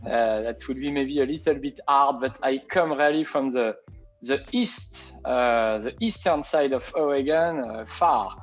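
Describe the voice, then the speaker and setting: A man's voice: medium pitch, a little slow, soft background music. French guy on a zoom call, thick accent, lots of ums and little french words, kinda muffled sound. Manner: hesitant, with many fillers and French interjections. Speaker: winemaker guest. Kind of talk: presenting over a video call. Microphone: video call.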